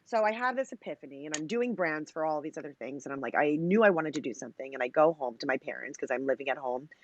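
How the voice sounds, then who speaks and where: A woman's voice: low voice, expressive, fast talker, highs cut off, slight background noise. A woman in her thirties, a company founder, tells her story in a casual interview. She is long-winded, scatters "you know" and "like" through her talk, and acts out the lines she quotes. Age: 30s.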